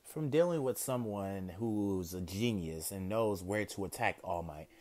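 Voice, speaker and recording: A man's voice: fairly low pitch, unhurried, a little mellow. A man casually improvising a fan story, rambling and correcting himself as he goes.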